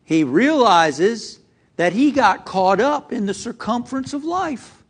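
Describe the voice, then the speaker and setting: A man's voice: very high-pitched, big pitch swings, slow, husky. A male minister giving a sermon to a live congregation, asking them direct questions as he speaks. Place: church hall with a live congregation.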